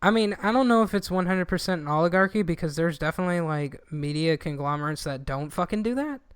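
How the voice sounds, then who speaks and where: A young man co-hosting a podcast, talking in a loose, rambling way and swearing a lot. His voice is smooth and clear, and it sits at a middle pitch. The sound is dry and close, with no room around it. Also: fast talker, no room sound. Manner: rambling, profane, animated when quoting people. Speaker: podcast co-host. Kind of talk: casual chat.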